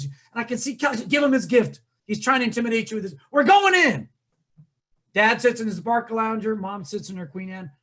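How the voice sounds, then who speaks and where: A man, a diversity trainer, giving a humorous storytelling talk and quizzing his audience. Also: high-pitched. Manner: animated, comic, asks the audience questions.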